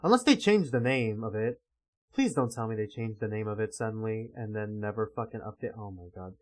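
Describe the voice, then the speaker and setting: A man streaming as he reads a webcomic aloud, reacting excitably and swearing often. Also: fairly low pitch, fairly quick. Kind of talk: casual livestream reading commentary.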